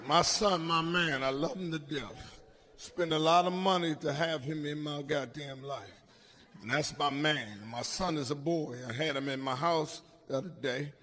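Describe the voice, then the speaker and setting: Brash, high-voiced stand-up comedian man. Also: moderate pace. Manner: loud, brash, swings between growls and shouts. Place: comedy stage with live audience.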